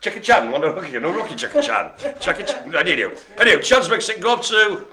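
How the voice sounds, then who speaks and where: A man's voice: high voice, sing-song, quick pace, a crowd in the background. A man hosting a live online bingo game, rambling and joking as he stumbles over hard names. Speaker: bingo host.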